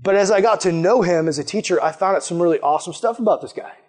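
A man's voice: sits high, quick pace, a little mellow. A man preaching a casual sermon to young people, enthusiastic and chatty, often saying "like" and "man". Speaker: youth pastor.

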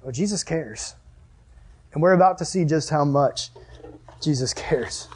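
A young man giving a casual, animated sermon as a youth pastor, with a chatty manner and lots of "like". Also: on the high side, moderate pace, slightly rough. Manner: animated, chatty, heavy use of "like".

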